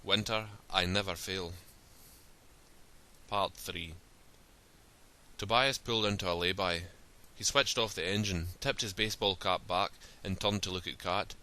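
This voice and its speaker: A man reads a story aloud in a steady, plain style. His voice sits fairly low but comes across forceful and sharp-edged. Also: moderate pace. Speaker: narrator. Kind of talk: storybook reading.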